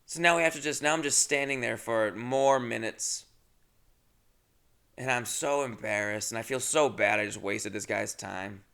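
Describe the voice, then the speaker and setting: A man's voice: mid-range voice, normal speed, creaky, pushed and bright, clean tone. A man hosting a podcast, telling a rambling, self-deprecating comedic story and acting out both sides of the conversation. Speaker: podcast host.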